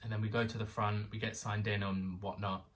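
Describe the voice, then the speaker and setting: Excitable young man telling a story. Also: fairly low pitch, brisk, distant mic. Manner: excitable, animated storyteller who acts out quotes. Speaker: guest. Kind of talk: casual storytelling chat.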